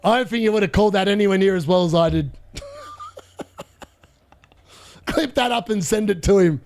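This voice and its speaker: A man with a fairly high voice talks through a live football match for his viewers. He chats and laughs, reads out messages from the chat, then shouts excited play-by-play when an attack builds. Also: normal speed. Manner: excitable, bursts into shouted play-by-play at big moments; chatty, laughs often, reads chat aloud. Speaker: live watchalong streamer. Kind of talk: live football watchalong reaction.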